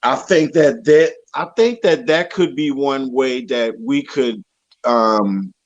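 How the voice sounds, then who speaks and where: A man's voice: medium pitch, slow pace, dry recording, dull audio. A man hosting an interview show, talking casually in a hesitant way with many fillers and restarts. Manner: hesitant, filler-heavy, friendly "sis" address. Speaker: host.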